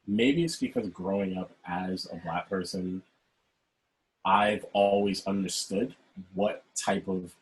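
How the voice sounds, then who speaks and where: A man with a fairly low voice hosts a casual conversation over a video call. He talks in an animated, expressive way. He keeps checking in with his listener by asking "right?". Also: rough recording. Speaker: host. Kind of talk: casual chat.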